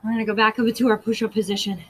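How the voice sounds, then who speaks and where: A woman's voice: a little high, flat delivery, rapid-fire, slight background noise, low-quality recording. A woman fitness instructor leading a workout and counting reps aloud, out of breath and encouraging.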